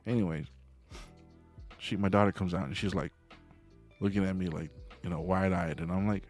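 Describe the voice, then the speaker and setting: A man's voice: low-pitched, moderate pace, long pauses, a little mellow, soft background music. A man hosting a late-night livestream, telling a story to his viewers in a meandering way and getting worked up about right and wrong. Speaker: livestream host. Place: home at night.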